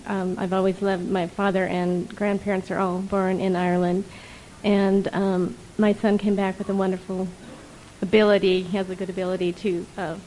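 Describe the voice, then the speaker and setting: A woman's voice: mid-range voice, normal speed, slight background noise, low-quality recording. A woman from the United States telling a joke to a group. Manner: lively joke-telling, putting on characters. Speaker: speaker sharing a joke.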